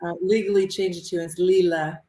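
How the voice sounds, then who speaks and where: A woman from Ohio who teaches mindful movement, answering interview questions over a video call in a measured, thoughtful way. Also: lowish voice, steady tone, dark tone, slight background noise. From Ohio, United States. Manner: measured, thoughtful, with pauses and fillers. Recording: roomy echo.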